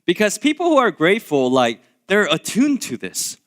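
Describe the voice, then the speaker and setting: Animated, chatty man preaching. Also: sits high, moderate pace. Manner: casual, conversational preaching with many fillers; animated, swinging between loud asides and quiet remarks. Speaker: pastor. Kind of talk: sermon. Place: church sanctuary.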